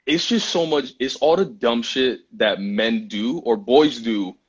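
Husky New guy, muffled live stream. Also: medium pitch, a little slow. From Brooklyn, New York. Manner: animated storytelling with slang and many fillers. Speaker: guest. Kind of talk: casual chat. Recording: muffled Instagram live audio.

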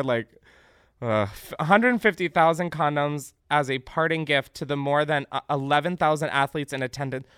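A young podcast host riffs on news stories in casual, sarcastic comedic chat, animated, swearing freely and breaking into laughter. His voice is on the high side at normal speed, clean and studio quality with no echo.

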